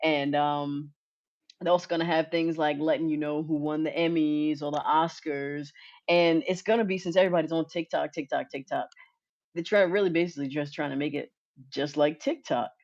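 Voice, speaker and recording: A woman co-hosting a podcast, talking in a relaxed, conversational, casual way. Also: low-pitched, moderate pace. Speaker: podcast co-host. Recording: dull lo-fi audio.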